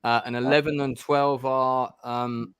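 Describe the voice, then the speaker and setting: A middle-aged man hosts a gamebook stream, chatting casually and rambling with plenty of ums and restarts. His medium-pitched voice is flat, a little slow, slightly bright and smooth, captured in a dry, clean studio recording.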